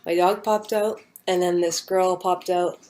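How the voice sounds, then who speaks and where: A young woman casually recounting a personal near-death story, rambling with many fillers and an earnest, hushed manner. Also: fairly low pitch, steady tone, a little slow.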